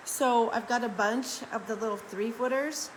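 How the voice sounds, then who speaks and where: Lady crafter talking into her phone, bit high voice, chatty, faint hum behind. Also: normal speed, rough recording. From Arizona, United States. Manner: chatty and upbeat, greets viewers by name, laughs often. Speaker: craft seller hosting a live stream. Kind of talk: casual live-stream chat and craft room tour. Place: home craft room indoors.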